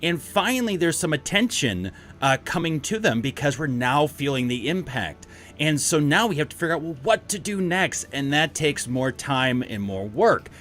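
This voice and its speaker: A man's voice: on the high side, lively intonation, moderate pace, a bit bright. A young man co-hosting a podcast in casual chat, joking and teasing, slipping into funny voices to mimic people. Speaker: podcast co-host.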